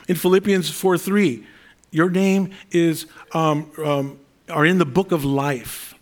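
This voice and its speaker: A man's voice: fairly high pitch, a little slow. A middle-aged male pastor preaching a sermon in an earnest, conversational way, with fillers and repeated phrases.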